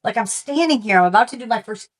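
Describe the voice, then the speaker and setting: A woman's voice: fairly high pitch, lively intonation, fast talker. A middle-aged woman, a sports reporter, telling stories as a guest in a casual conversation. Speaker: NFL sideline reporter, guest.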